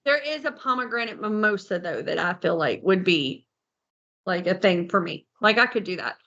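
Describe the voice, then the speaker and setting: A woman's voice: on the low side, lively intonation, moderate pace, fairly bright tone, highs cut off. A woman co-hosting a podcast in casual chat, reading out a menu and tripping over foreign names, laughing at herself. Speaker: podcast co-host.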